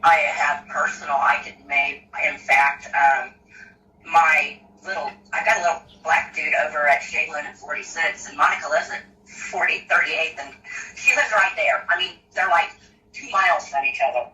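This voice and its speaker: Loose, rambling friend, bright voice, heard from afar in an echoey room. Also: mid-range voice, normal speed, far from the mic. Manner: loose and rambling, many fillers. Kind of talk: casual chat.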